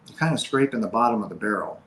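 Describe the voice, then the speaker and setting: A man voicing a calm, mysterious homeless man who asks quiet, matter-of-fact questions. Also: fairly low pitch, fast talker, a little hiss or hum. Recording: roomy, faint background ambience.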